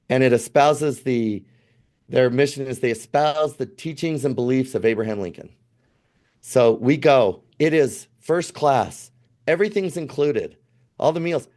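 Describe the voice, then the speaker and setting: A man in his fifties, a podcast guest telling a family travel story in a casual, animated way, acting out what people said. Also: medium pitch. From United States. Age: 50s.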